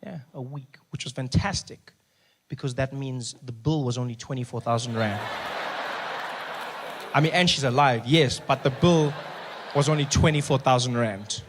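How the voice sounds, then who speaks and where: There's a slight hiss or hum as this South African comedian works through his set at normal speed. He narrates stories with energy and jumps sharply in pitch to play each character.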